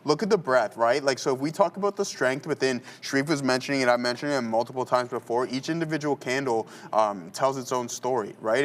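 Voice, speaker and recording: A man's voice: mid-range voice, slight background noise. A man hosting a live day trading stream, chatting casually with viewers and talking through his trades as he makes them.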